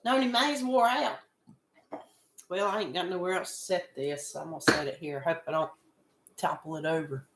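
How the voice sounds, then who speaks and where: A woman's voice: fairly low pitch, normal speed, pauses often, a bit bright, echoey room, a little hiss or hum. A woman hosting a casual livestream chat, stuffed up with a head cold, greeting viewers by name and chuckling often. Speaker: livestream host.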